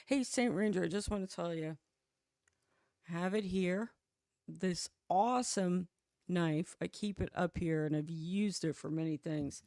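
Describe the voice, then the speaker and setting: A woman's voice: on the low side, unhurried, mellow, no room sound, studio quality. A woman hosting a casual podcast chat show, talking freely and laughing often.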